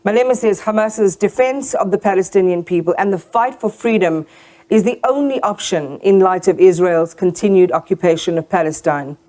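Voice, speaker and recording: A woman anchor reading a news report in a measured, formal way. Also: mid-range voice, dark tone.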